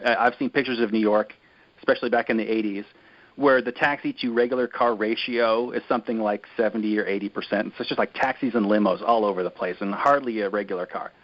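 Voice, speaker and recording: A man's voice: on the low side, fairly even intonation, fast talker. A man co-hosting a podcast in casual chat, rambling and critical with lots of fillers. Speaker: podcast co-host. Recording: dull lo-fi podcast audio.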